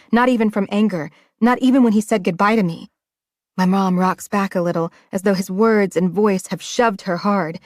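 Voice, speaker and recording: A woman narrating a first-person romance audiobook in an emotional, hushed manner. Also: mid-range voice, no echo, studio quality.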